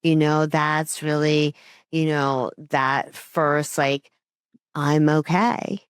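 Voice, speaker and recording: A woman's voice: deep voice, level tone, smooth, dry recording, studio quality. A woman co-hosting a podcast, enthusiastic and affirming, chatting with her guest. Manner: enthusiastic and affirming, with quick agreements. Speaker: podcast co-host. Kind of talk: conversational podcast chat.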